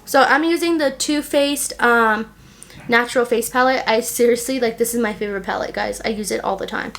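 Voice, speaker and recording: A young woman vlogger telling a personal story casually while doing her makeup, filling her talk with "like" and retelling what people said in an animated way. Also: on the high side, brisk. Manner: chatty, heavy use of "like", animated retelling. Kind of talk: casual get-ready-with-me storytelling.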